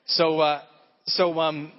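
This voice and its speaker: A man's voice: on the high side, level tone, slow. A male pastor preaching a sermon in a conversational way, often checking in with his listeners. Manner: conversational, repeatedly checks in with "okay?". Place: church sanctuary. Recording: dull sound with long hall reverb.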